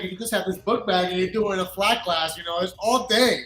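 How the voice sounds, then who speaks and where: Loud New York man, thirties. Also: high-pitched, brisk, faint music behind. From Dominican Republic. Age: 30s. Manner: enthusiastic, loud. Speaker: guest. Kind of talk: casual live-stream chat.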